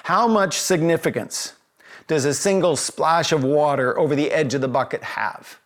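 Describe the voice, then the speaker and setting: Man, pastor, from Canada, fairly high voice, earnest sermon, rhetorical questions. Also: normal speed, fairly bright tone. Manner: earnest, rhetorical questions, reads scripture aloud.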